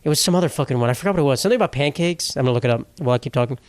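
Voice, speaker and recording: A man's voice: mid-range voice, racing, no echo. A young man hosting a solo comedy podcast, rambling and swearing as he mocks himself. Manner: profane, rambling, self-mocking. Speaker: podcast host.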